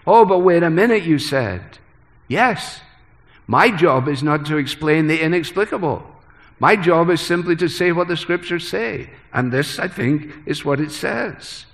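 A man preaching a sermon earnestly, moving from hushed phrases to emphatic ones. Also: on the high side, expressive, unhurried. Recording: long hall reverb.

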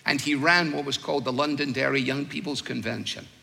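An older man preaching a sermon, telling stories with wry humor and slow, weighed emphasis. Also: medium pitch, fairly even intonation, creaky, sharp tone, long reverb tail.

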